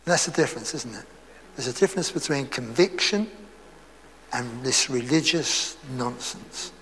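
A man's voice: medium pitch, a little slow. A man with an Essex accent preaching a sermon, telling stories with laughs and acting out the lines he quotes. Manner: lively storytelling, laughs and acts out quotes. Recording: echoey hall with faint background noise.

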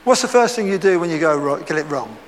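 A man's voice: fairly high pitch, fast talker. A man with an Essex accent preaching a sermon, telling stories with laughs and acting out the lines he quotes. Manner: lively storytelling, laughs and acts out quotes. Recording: echoey hall with faint background noise.

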